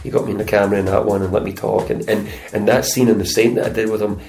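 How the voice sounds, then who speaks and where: A man's voice: lowish voice, steady tone, very fast, vocal fry, a little mellow, faint music behind, low-quality recording. A middle-aged Scottish man, an actor and stuntman, telling chatty anecdotes in an interview and slipping into voices for the people in them. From Scotland. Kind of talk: casual interview storytelling.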